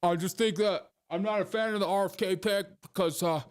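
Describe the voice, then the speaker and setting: A man's voice: high voice, fairly even intonation, a little fast, clean tone, pitched above the performer's own voice, natural voice. A man doing a comic impression of a smug, boastful male politician on a comedy podcast.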